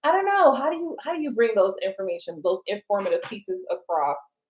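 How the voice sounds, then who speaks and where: A woman with a brisk, mid-range voice reads tarot on a live stream, animatedly chatting with viewers, answering their comments, and laughing often as she addresses them directly. The audio is poor, with slight background noise.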